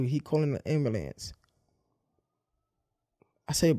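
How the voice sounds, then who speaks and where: A man telling a painful personal story in a candid monologue, using blunt street slang and swearing, with halting restarts when the memories get heavy. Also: on the high side, darkish tone, no room sound, studio quality. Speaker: podcast host.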